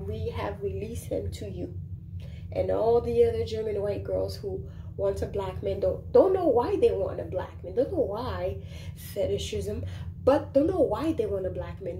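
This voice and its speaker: A woman vlogger giving sassy, animated opinion commentary to the camera in a casual way. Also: fairly high pitch. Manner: sassy, animated, talks back to the subject. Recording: roomy echo with faint background noise.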